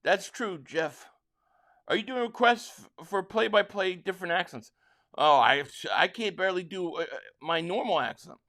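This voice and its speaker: With a high-pitched voice and a moderate pace, this man from Philadelphia hosts a live football watch-along as a streamer and fan. He calls plays excitedly and reads viewer chats aloud, stammering whenever he restarts.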